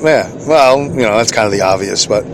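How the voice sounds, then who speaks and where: A man's voice: fairly low pitch, brisk, slight background noise. A middle-aged man hosting a solo podcast from inside his vehicle, rambling, chuckling at himself and answering his own questions. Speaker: podcast host.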